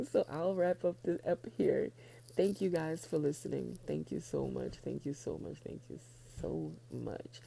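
A woman's voice: extremely low pitch, moderate pace, creaky, warm tone, husky. A woman hosting her own podcast in a casual, frank solo chat, laughing often and getting emotional. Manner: heartfelt, gets emotional. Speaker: podcast host.

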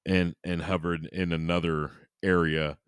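Low-voiced man, paranormal podcast host, comedic rambling storytelling, dry close mic. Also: little pitch movement, a little slow, clear, resonant tone, dry recording. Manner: goofy, irreverent, rambling asides.

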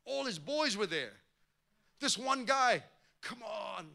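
A man's voice: sits high, lively intonation, slow, creaky, sharp tone. A male pastor preaching a sermon with impassioned, rising emphasis.

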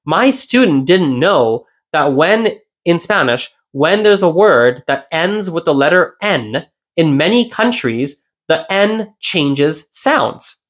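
A language teacher hosts a solo lesson podcast in a mid-range voice. The delivery is explanatory and patient, circling back to repeat each key point and posing rhetorical questions to the listener. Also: mid-range voice.

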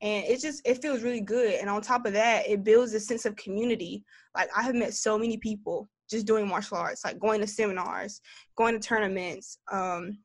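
A young woman guest in a casual interview, chatty and animated, full of "like". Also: medium pitch, normal speed, dry recording. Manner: chatty, lots of "like", animated storytelling.

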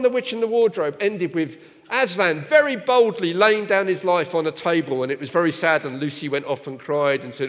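A man delivering a sermon with a fairly high voice that swings widely up and down. He presses his listeners with rhetorical questions and plain, direct appeals. His words ring out with a long reverb in a church. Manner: animated, rhetorical questions to the congregation. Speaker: preacher.

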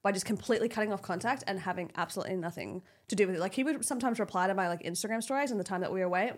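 A woman's voice: medium pitch, rapid-fire. A woman from Australia, a podcast guest chatting casually, rambling and swearing freely. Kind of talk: casual chat.

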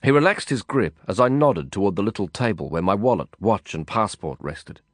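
A man reading a first-person novel aloud in a measured, brooding way. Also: fairly low pitch, lively intonation, no echo, studio quality. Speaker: audiobook narrator.

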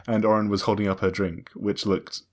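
Husky-voiced man hosting a podcast. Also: on the low side, level tone, brisk, darkish tone. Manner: playful, mock-defensive. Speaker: podcast host. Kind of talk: casual banter. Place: podcast studio.

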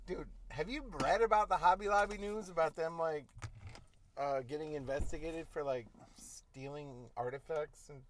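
A young man in casual chat, animated and swearing freely, peppering his talk with "like", recorded inside a car. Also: a little high, moderate pace, rough recording. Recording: car road noise behind.

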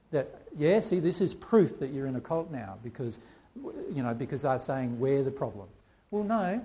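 A man's voice: fairly high pitch, darkish tone, husky. A man giving a conversational spiritual talk to a group, often putting rhetorical questions to his listeners. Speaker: spiritual teacher.

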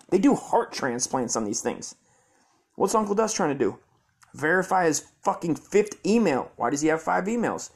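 A man's voice: a little high, breathy edge. A young man hosting his own podcast, ranting profanely and muttering in frustration at his computer. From Southern California. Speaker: podcast host. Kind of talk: rambling solo podcast rant.

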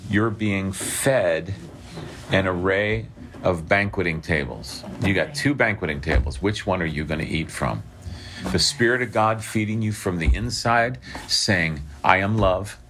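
A man's voice: on the low side, fairly bright tone, a little hiss or hum. A man giving a conversational sermon, often checking in with listeners and restarting his sentences. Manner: conversational preaching with restarts and frequent "okay?" checks. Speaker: preacher.

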